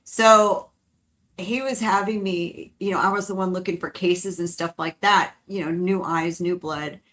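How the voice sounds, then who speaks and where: A woman co-hosting a casual podcast, chatty and quick to laugh as she tells stories. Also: fairly low pitch. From New Orleans. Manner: chatty, laughs often, quotes others in lively bursts. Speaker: co-host.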